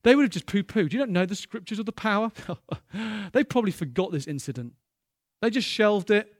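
A man preaching a sermon, telling stories in a lively way that jumps into loud, excited bursts. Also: high voice, normal speed, no room sound, clean studio sound.

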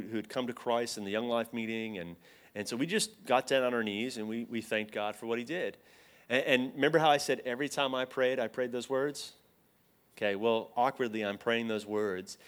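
A man delivering a sermon as a personal story, his voice sitting at an ordinary middle pitch. He tells it with animation, dropping low and quiet, then rising and getting loud. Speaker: preacher.

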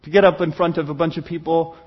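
A man's voice: on the high side, level tone, fast talker, lo-fi sound. A pastor preaching a candid, conversational sermon, acting out little dialogues and often restarting his sentences. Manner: stammering restarts.

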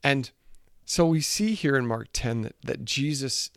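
A man's voice: medium pitch, unhurried, gravelly, fairly bright tone, no echo, clean studio sound. A man preaching a sermon, retelling a scripture passage in an earnest way and repeating his phrases for emphasis.

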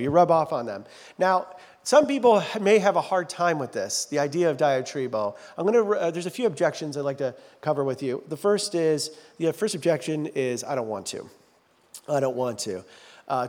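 A man's voice: fairly high pitch, a little mellow, big-room sound. A man preaching a sermon as a pastor in a church, talking in a loose, joking, self-deprecating way. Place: large church sanctuary.

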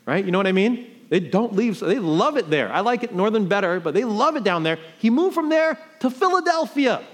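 A middle-aged New York pastor with a high voice preaches a sermon built around a personal story. He swings sharply between loud emphasis and hushed quiet.

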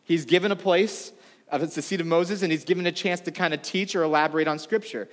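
A man's voice: a little high, fairly even intonation, fast talker, in a large hall. A man preaching a sermon to a congregation in a casual, conversational way, full of asides. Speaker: pastor. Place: church room before a congregation.

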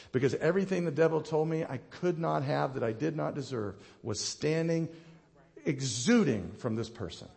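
A middle-aged man preaching a passionate sermon, rising to loud declarations and dropping to hushed, intimate moments. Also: on the high side, lively intonation, normal speed, vocal fry. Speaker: pastor. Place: church sanctuary. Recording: long hall reverb.

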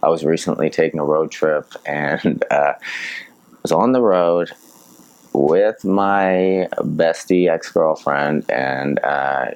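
A man chatting as a podcast guest, telling his stories in a lively, animated way and laughing often. His voice is extremely deep. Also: takes it slowly, smooth, low-quality recording. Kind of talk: casual conversation and storytelling.

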